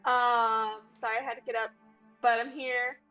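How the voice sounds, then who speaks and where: A young woman chats casually as a tabletop player, laughing often. Her voice is high and bright, with faint music behind. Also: flat delivery, normal speed, muffled recording. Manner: giggly, casual.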